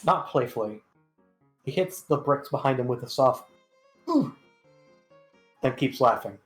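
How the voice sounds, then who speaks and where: A man reads story narration aloud in a plain, steady way, now and then stumbling on a word. His pitch sits in the middle range. Faint music plays behind him. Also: moderate pace, breathy edge. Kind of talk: casual reading of narration in a fan read-along.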